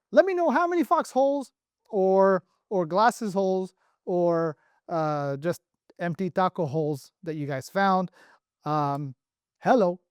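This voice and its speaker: A man's voice: high-pitched, a little mellow, clear, resonant tone, dry recording, clean studio sound. A man giving a casual, playful online lesson on letter shapes, joking and thinking aloud as he goes. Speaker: Arabic letter teacher.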